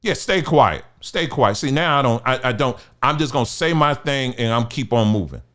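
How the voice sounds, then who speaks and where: A man's voice: mid-range voice, animated, normal speed, a bit bright. A man giving a ranting commentary monologue, firing off rhetorical questions and stumbling over repeated words as he pushes his point. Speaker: online commentator.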